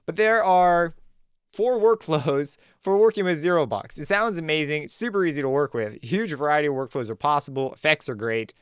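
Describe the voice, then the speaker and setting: A man hosting a music production tutorial, talking casually and thinking aloud as he walks through a software workflow. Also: a little high, normal speed, clean tone, dry recording. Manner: relaxed, conversational, thinks aloud while clicking. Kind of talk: screen-recorded software tutorial.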